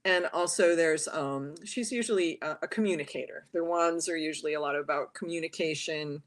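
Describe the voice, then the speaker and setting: A woman with a somewhat low voice talks freely as a guest in an interview. She reads tarot and tells her stories with lively acted-out quotes. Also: brisk. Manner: talkative, animated storyteller who acts out quotes. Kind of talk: casual interview chat.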